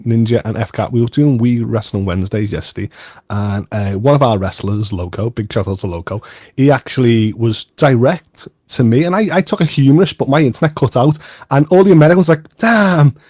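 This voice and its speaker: A British man co-hosting a casual chat show, mid-pitched and talking in a rambling way, often restarting and repeating words. The recording is dry and close. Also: brisk, mellow, no room sound. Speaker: co-host.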